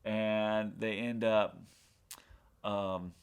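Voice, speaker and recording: A man's voice: lowish voice, flat delivery, drawn-out words, smooth. A man casually recapping a TV pilot, rambling with fillers and acting out bits of dialogue. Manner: rambling retelling full of fillers, acting out lines from the show. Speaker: podcast co-host reviewing a TV pilot. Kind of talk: casual chat.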